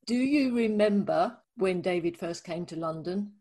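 A woman hosting a podcast, reading a measured scripted introduction and asking questions. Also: lowish voice, lively intonation, mellow. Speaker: podcast host.

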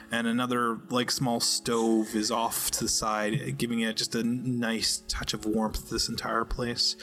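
A man leads a tabletop game as its game master, narrating scenes in a bright, forward voice. His delivery stays flat and even, broken up by ums and uhs as he builds each scene. Soft music plays underneath. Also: mid-range voice. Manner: halting narration with many fillers.

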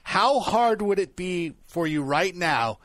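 A man's voice: high-pitched, expressive, slow, a bit bright, no echo. A man co-hosting a casual talk show, mocking in tone and mimicking others in playful asides. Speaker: podcast co-host.

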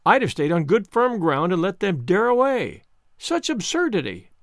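Brief: male reader as a shrewish strict guardian woman, high pitch, dry. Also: wildly swooping pitch, moderate pace, no echo, heavily acted. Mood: dismissive. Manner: sharp, clipped, shrewish. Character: stern sensible older woman, sharp-tongued guardian.

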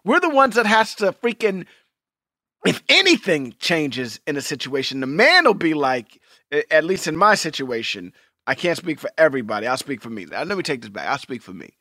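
A man's voice: a little high, normal speed, no room sound, clean studio sound. A man in his forties, co-hosting a casual podcast chat and acting out the people in his stories. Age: 40s. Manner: animated storyteller who acts out quoted lines. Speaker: podcast co-host.

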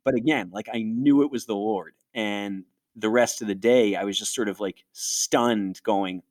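Earnest man telling his story, lowish voice. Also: a little slow, few pauses. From Western New York. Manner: earnest, reflective storytelling that acts out his own past thoughts. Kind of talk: personal testimony in interview.

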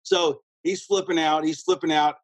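A man telling a backstage story as an interview guest, rambling and animated, with a husky voice. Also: a little high, moderate pace, no room sound, low-quality recording. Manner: rambling, animated, lots of restarts and quoted dialogue. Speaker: guest, former pro wrestler.

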